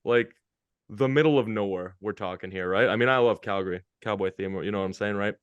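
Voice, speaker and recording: A man telling stories as a guest on a casual podcast, energetic and full of slang. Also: on the low side, a little fast, smooth, no room sound, muffled recording. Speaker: guest, hockey media interviewer.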